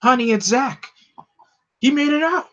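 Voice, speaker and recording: A man voicing a tender, worried mother in a comic read-aloud, in a soft raised voice. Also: extremely high pitch, a little slow, muffled recording, pitched above the performer's own voice, heavily acted.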